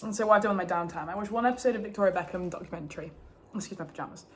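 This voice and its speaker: A young woman swimmer vlogs at a competition, talking rapid-fire into her handheld phone camera in a casual, giggly, hyper way. Her mid-range voice has a breathy edge. Background noise and ambience from the indoor hotel and pool area come through.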